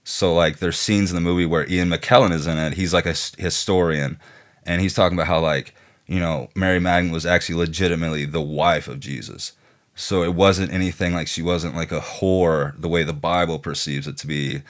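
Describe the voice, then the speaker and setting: A man's voice: sits low, steady tone, fairly quick. A man with a Southern American accent chatting loosely as a podcast co-host, full of fillers like "you know" and "like". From Southern United States. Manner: rambling, filler-heavy. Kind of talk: casual chat.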